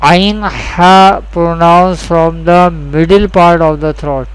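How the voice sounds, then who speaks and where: A man teaching Quran reading rules in a slow, deliberate lesson, repeating each key point and speaking English with a South Asian accent. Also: on the high side, steady tone, clear, resonant tone, dry recording, rough recording. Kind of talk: slow scripted lesson narration.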